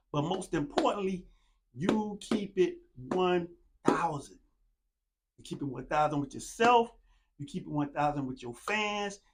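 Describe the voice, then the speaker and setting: A laid-back man hosts his own show, talking in a loose, easygoing monologue. His voice sits a little high for a man. He leans on "man" and "you know what I'm saying" over and over, like he's talking to friends. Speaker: podcast host. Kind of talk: casual monologue with shout-outs.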